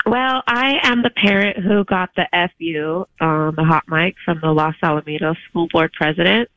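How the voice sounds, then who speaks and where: A woman's voice: fairly low pitch, normal speed, no room sound. A woman phoning into a radio show, a parent speaking indignantly and pressing her point. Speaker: caller. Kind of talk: phone-in call. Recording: dull lo-fi phone line.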